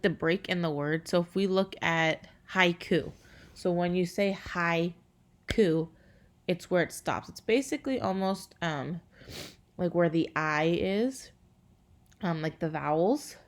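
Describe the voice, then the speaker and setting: Lower-voiced teacher, casual and halting. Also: female voice. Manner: casual, filler-heavy, slows to count syllables aloud. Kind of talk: recorded online class lesson.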